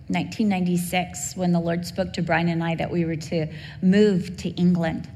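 A woman's voice: fairly low pitch, a little mellow. Middle-aged woman preaching in a reverberant hall. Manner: earnest, heartfelt storytelling. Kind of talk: sermon with personal story. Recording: long hall reverb, faint background hum.

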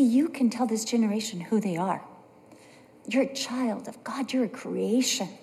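A woman's voice: on the high side, warm tone, in a large hall. A middle-aged woman preaching a sermon, telling stories with earnest conviction. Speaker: pastor's wife preaching.

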